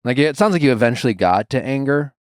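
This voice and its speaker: A man's voice: mid-range voice, expressive, fast, clean tone, no echo, studio quality. A man hosting an advice podcast, blunt and probing as he challenges a caller. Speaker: podcast host giving advice. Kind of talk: casual advice talk.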